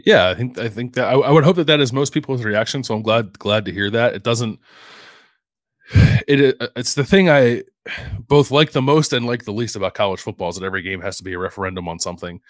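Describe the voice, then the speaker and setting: A man co-hosting a sports podcast, speaking in a measured way with frequent ums. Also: mid-range voice, no room sound, studio quality. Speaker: podcast co-host. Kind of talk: casual sports talk podcast.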